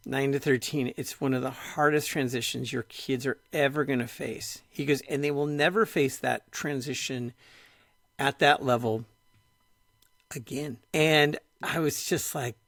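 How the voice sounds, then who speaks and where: A middle-aged man hosting a podcast, chatting casually and retelling conversations in an animated way, full of "like". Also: medium pitch, a little slow, dry recording, studio quality. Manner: animated storyteller, retells dialogue, frequent "like". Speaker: podcast host.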